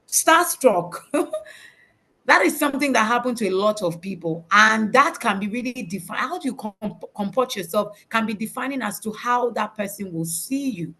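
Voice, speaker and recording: A woman's voice: mid-range voice, a bit bright. A woman giving a faith-based motivational talk over a video call, emphatic and preacherly, repeating her key words. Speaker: motivational speaker.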